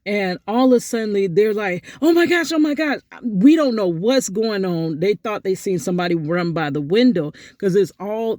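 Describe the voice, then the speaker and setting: A middle-aged woman vlogging, telling a story in a chatty, animated way and talking straight to her viewers. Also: dry recording, studio quality. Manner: animated, acts out quotes with big pitch jumps; chatty, addresses viewers directly. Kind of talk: casual storytelling vlog.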